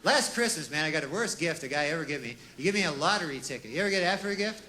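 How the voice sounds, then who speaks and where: Deadpan stand-up comedian, bright voice. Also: male voice, on the high side, racing. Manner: deadpan, rambling asides with folksy fillers. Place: comedy stage with a live audience.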